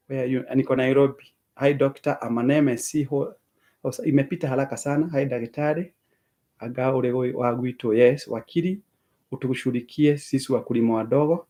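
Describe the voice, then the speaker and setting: With a warm, medium-pitched voice, a man hosting a live stream reads viewers' names and comments aloud in a Kenyan accent. He offers thanks to each person, moving back and forth between English and Swahili.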